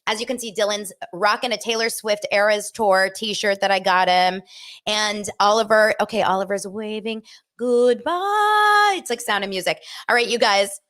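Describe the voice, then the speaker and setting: A woman's voice: mid-range voice, normal speed, fairly bright tone. A middle-aged woman hosting a casual live stream, chatty and upbeat, gushing like a proud mom. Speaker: host.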